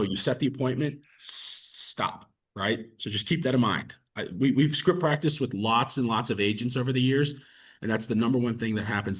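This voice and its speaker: A man coaching real estate agents through cold-call script practice, casual and energetic, peppering his talk with "like" and "right?". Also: fairly low pitch, breathy edge. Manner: energetic, conversational, fillers like "like" and "right?". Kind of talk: coaching session with role-play practice.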